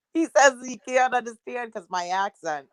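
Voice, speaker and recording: A woman's voice: fairly high pitch, expressive, unhurried, no echo. A woman chatting casually as a guest, teasing and laughing easily. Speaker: guest on a chat stream. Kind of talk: casual chat.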